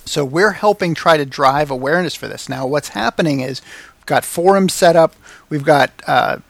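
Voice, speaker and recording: A man with a slightly higher voice talks through business ideas in casual podcast chat. He rambles animatedly and mocks himself as he goes. The sound is dry and close. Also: normal speed, creaky, dry recording. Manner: rambling, self-mocking, animated. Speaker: podcast guest, marketing officer.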